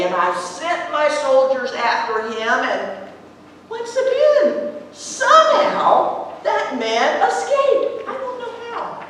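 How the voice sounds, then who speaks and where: A woman's voice: high voice, slight background noise, heavily acted. Jezebel, scornful scheming queen, as a woman plays her. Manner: theatrical storytelling with lively acted-out quotes. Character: scheming, scornful ancient queen, contemptuous of her weak husband. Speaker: actor in a church drama. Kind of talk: stage monologue in character. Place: church sanctuary stage. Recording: echoey hall from far off.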